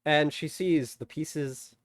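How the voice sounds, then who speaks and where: A man casually recapping and reviewing a movie, animated, swearing freely and laughing often. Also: a little high, takes it slowly, no echo, studio quality. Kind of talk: casual spoken film recap.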